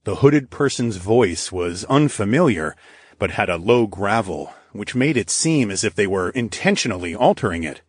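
Steady low-voiced male narrator. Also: husky, no room sound, clean studio sound. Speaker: audiobook narrator. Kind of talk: scripted narration.

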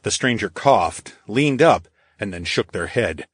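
A man reading a fantasy audiobook in first person, in a steady, measured narration. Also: lowish voice, slightly rough, dry recording, studio quality. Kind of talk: scripted narration.

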